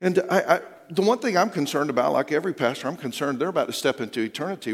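A middle-aged man preaching a sermon as a pastor, telling stories with hushed quoted lines and rising urgency. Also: fairly high pitch, lively intonation, fast. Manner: storytelling, dropping to a hushed voice for quoted lines and rising when urging. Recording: long reverb of a large hall.

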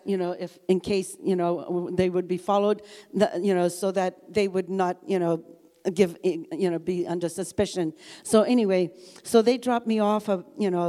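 An older woman giving an earnest spoken testimony, halting often with filler words. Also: mid-range voice, mellow. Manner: earnest, halting, with frequent "you know" fillers. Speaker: guest speaker giving testimony. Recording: long reverb, as in a large hall.

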